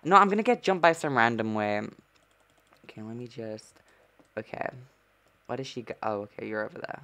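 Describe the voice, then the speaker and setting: A man's voice: mid-range voice, big pitch swings, a little fast, sharp tone. A man giving sassy, chatty gameplay commentary as a streamer, breaking into sudden squeals of surprise. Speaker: gaming streamer.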